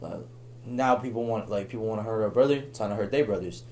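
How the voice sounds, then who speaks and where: A young man telling a long story on a podcast in a casual, animated way, laughing and acting out the voices of the people in it. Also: lowish voice, fairly quick, a crowd in the background. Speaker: podcast guest.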